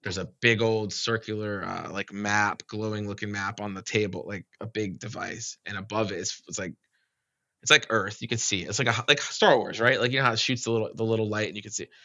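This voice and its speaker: A man with a low, gravelly voice tells a story in loose, casual talk and keeps coming back to "like". His tone has a bright, forceful edge. The recording is dry and a little dull. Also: steady tone, brisk, dry recording. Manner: rambling, full of "like" and "you know". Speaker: podcast guest.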